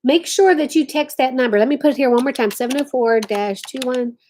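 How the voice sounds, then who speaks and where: A woman's voice: sits high, fairly quick, darkish tone, a little hiss or hum. A woman hosting a casual craft livestream from home, chatting and reading viewer comments aloud. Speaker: livestream host.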